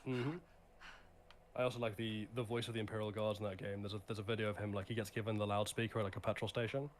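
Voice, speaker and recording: A man's voice: on the low side, flat delivery, fast talker, background noise. A man telling a rambling story in casual chat on a gaming stream, leaning heavily on fillers. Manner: rambling, heavy with "like" fillers and restarts. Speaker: livestream guest.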